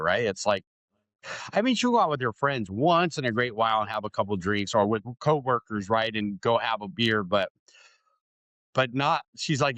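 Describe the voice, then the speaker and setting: A man's voice: mid-range voice, normal speed, no echo, muffled recording. A middle-aged man hosting an interview podcast, telling stories animatedly, acting out the voices he quotes, and often asking "right?". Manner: animated storyteller, acts out quoted voices, keeps adding "right?". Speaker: podcast host. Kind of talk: conversational interview.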